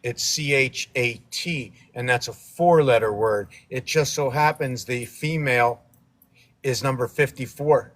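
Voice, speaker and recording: A man's voice: medium pitch, unhurried, a bit bright. Rambling man riffing on wordplay. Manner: rambling, playful with wordplay and letter puzzles. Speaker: livestream host painting on camera. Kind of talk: casual rambling chat.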